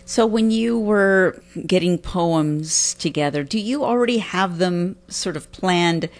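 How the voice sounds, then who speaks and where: A woman's voice: lowish voice, slow pace, soft background music. A woman interviewer asking thoughtful questions in a conversational way.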